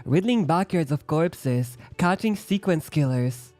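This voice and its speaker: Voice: medium pitch, expressive, measured pace, a little mellow, faint music behind. A streamer giving casual, joking, chatty commentary while playing a game.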